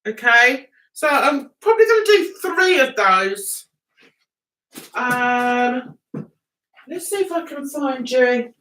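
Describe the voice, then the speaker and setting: Slow, bright-voiced English woman. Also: high voice, expressive, a little hiss or hum, poor audio. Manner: chatty and rambling, talking to viewers as "guys". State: losing her voice. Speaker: livestream host. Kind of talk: casual livestream chat.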